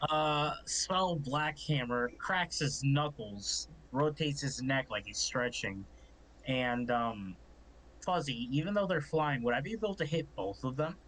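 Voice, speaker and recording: Guy player in a tabletop game, average pitch, narrates his guy's moves, faint hiss. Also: expressive, measured pace, fairly bright tone, poor audio. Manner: describes his character's actions, asks rules questions.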